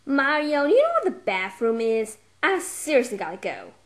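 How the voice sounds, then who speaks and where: A woman's voice: on the high side, big pitch swings, moderate pace. A woman voicing a bossy, chain-smoking girlfriend who mocks and teases. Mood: sassy. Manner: mocking, bossy teasing.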